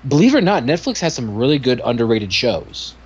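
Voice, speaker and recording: A man co-hosting a casual podcast, ranting excitedly and getting louder when worked up. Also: mid-range voice, fairly quick, husky. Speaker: podcast co-host. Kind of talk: casual chat. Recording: dull lo-fi podcast audio.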